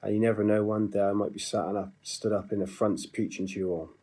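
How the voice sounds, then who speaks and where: A young man from Bristol with a Bristol accent, giving an earnest, halting personal testimony with many pauses and fillers. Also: on the low side, level tone, mellow, breathy edge. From Bristol, England. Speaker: testimony speaker.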